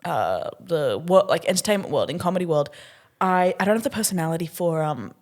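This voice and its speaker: A young woman from Australia co-hosting a podcast, chatting casually and acting out quotes with sudden pitch jumps and laughter. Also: lively intonation, brisk, a little mellow. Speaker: podcast co-host, comedian. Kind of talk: casual chat.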